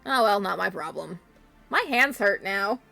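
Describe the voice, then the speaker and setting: A woman's voice: medium pitch, lively intonation, unhurried, gravelly, pushed and bright, faint music behind. A woman streamer in casual chat, telling a playful story with frequent laughs and crude swearing.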